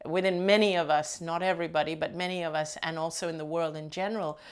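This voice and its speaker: Chatty woman host, lowish voice. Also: fairly even intonation, quick pace, clear, resonant tone. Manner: chatty, laughs often, rambling asides. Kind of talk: casual talk to viewers.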